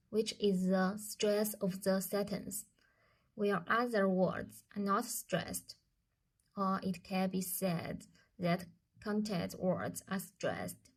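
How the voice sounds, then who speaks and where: A woman student with a Chinese accent answers course review questions aloud, speaking slowly and carefully and often pausing to restart a phrase. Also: mid-range voice. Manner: slow and careful, with hesitations and restarts.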